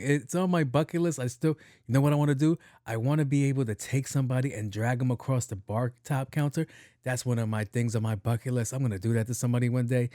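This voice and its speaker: A man hosting his own podcast, telling a story in a profane, animated way. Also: medium pitch, dry recording, studio quality. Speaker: podcast host. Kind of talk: casual storytelling monologue.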